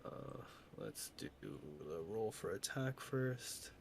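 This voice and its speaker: Male tabletop player, slow and halting, faint hiss behind. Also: on the low side, animated, gravelly. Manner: hesitant, searching for rules aloud. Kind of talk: casual tabletop play.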